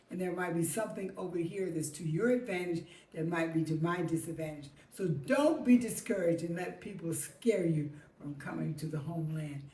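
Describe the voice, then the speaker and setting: A woman's voice: on the low side, mellow. A woman hosting a podcast, speaking to listeners in an encouraging, coaxing way. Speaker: podcast host. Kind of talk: casual talk to listeners. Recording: echoey room, far from the mic.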